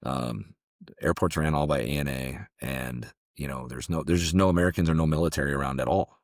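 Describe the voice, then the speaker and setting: A man's voice: very deep voice, brisk, dry recording, studio quality. A man from Southern California, a former security contractor, telling stories as a guest in a casual interview, loose and conversational with frequent restarts.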